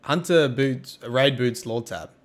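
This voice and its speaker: A man's voice: mid-range voice, slow. A man streaming a game and chatting casually with his viewers, cheeky and joking as he thanks them and teases the chat.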